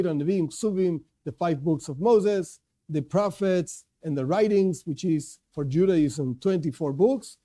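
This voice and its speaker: A Jewish teacher with a high, bright voice leads an informal Torah class. He's conversational, restarts often, and asks and answers his own questions.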